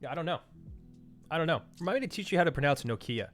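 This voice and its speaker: A man's voice: a little high, expressive, racing, fairly bright tone, faint music behind. A man in his thirties casually chatting with his live stream audience while waiting to cast an esports match, answering chat and joking about himself.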